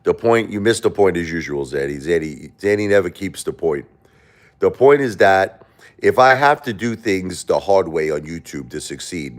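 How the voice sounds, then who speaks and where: Low-voiced man arguing with his chat. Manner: defensive, argumentative, repeats himself. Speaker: livestream host. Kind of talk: livestream talk to chat.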